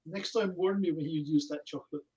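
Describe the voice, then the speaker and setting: A man's voice: fairly high pitch, brisk, mellow. A jokey man playing a tabletop game, heard from a distance away from the mic. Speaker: player.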